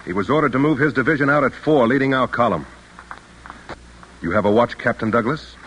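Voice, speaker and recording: An actor playing a stern, devout general who gives clipped commands in a radio play. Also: male voice, mid-range voice, brisk, a bit bright, slight background noise, lightly acted, poor audio. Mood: stern commanding. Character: stern devout male general, terse and exacting. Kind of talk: 1940s radio acting.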